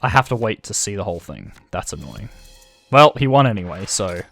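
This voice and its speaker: A gravelly-voiced Australian man talks through a video game in a casual, self-deprecating way, thinking aloud as he goes. His pitch jumps around a lot. The sound is close and dry, with faint game music underneath. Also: sing-song, brisk, fairly bright tone. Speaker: gaming channel host. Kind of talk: let's-play commentary.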